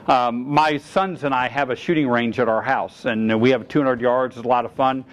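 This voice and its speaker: A man's voice: mid-range voice, steady tone, normal speed, rough recording. A middle-aged man, a firearms instructor, giving a seminar lecture and telling stories from his own experience. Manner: storyteller, acts out both sides of dialogue. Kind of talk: seminar lecture with personal anecdotes.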